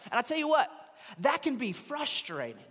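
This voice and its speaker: This pastor preaches conversationally from the stage of a church sanctuary, with the service also streamed online, and he mimics churchgoers in quoted asides. He speaks at a normal speed in a very high-pitched, fairly bright voice that swings hugely in pitch. The recording has a big-room sound.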